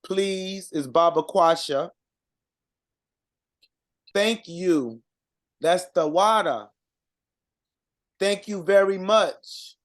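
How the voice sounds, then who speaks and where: Slow, halting man, fairly high voice. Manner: halting, sounds out words, many fillers. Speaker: co-presenter reading out vocabulary. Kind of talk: informal language lesson.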